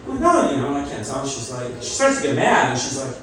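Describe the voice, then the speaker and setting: A man's voice: mid-range voice, sing-song, brisk, recorded from a distance, noisy background. A middle-aged man doing a loose, rambling stand-up comedy set on a club stage, laughing at his own jokes. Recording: echoey club, mic heard from afar, loud crowd.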